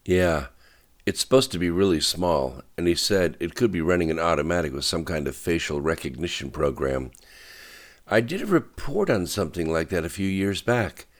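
A man voicing a sharp-tongued woman reporter. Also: sits low, animated. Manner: blunt, quick-tempered, probing.

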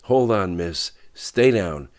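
A man voicing a calm, experienced young male soldier who talks in a steady, reassuring way. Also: deep voice, takes it slowly, voice pushed up.

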